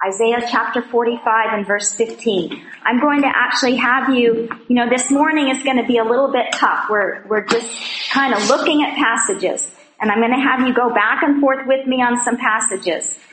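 A woman's voice: a little high, moderate pace, fairly bright tone, a little hiss or hum. Woman teaching scripture in an echoey room. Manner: conversational, joking asides, earnest testimony. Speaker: Bible teacher at a women's gathering. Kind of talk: women's Bible study teaching.

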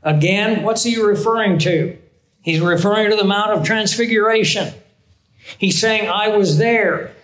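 High-voiced man teaching a sermon, echoey. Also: moderate pace, a bit bright. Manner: earnest, conversational, asks the audience questions. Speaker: Bible teacher.

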